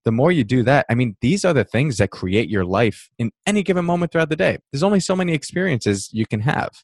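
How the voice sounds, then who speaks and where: Speaking at a quick pace in a medium-pitched voice, a man who teaches mindfulness works through an interview answer, calm and reflective, voicing passing thoughts with little laughs. The recording is dry.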